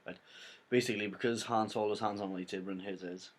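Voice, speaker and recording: A young Welsh man talking through a film's plot in a loose, rambling way, leaning on "like" and "basically". His voice sits a little low, and he speaks casually, straight to his viewers. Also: fairly even intonation, fast talker, noisy background. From Wales. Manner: rambling retelling full of "like" and "basically". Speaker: film reviewer. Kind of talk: casual spoiler review.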